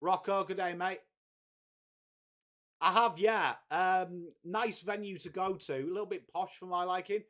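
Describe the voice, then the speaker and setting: A chatty man hosts a live watchalong, his voice sitting a little higher than most men's. He swears freely and breaks off often to greet viewers by name. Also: steady tone, a little slow, a bit bright. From England. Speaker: live stream host. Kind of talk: casual live watchalong chat.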